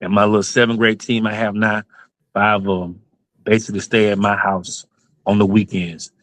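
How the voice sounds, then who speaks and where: A man's voice: fairly low pitch, little pitch movement, moderate pace, fairly bright tone, no echo, rough recording. A man, a basketball club owner and coach telling his story in an interview, earnest and emotional, going over points again and again.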